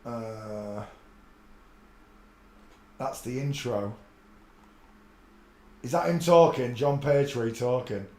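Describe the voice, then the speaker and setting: A man's voice: mid-range voice, very slow, pauses often, a little mellow, slight background noise. A man hosting a casual live stream, rambling and muttering to himself as he searches for clips. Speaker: channel host. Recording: echoey room.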